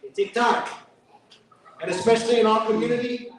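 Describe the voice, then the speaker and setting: A man with a New York accent, his voice very high-pitched and brisk with fairly even intonation, preaches as a guest speaker at a mosque fundraiser. He keeps it chatty, tossing in jokes and Arabic quotations. The sound is echoey, picked up from far off in a hall.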